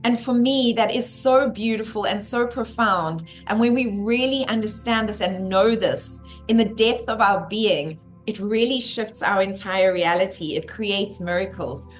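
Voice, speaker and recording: A woman's voice: mid-range voice, unhurried, few pauses, soft background music. A woman hosting a spiritual live stream, effusive and greeting her viewers one by one by name.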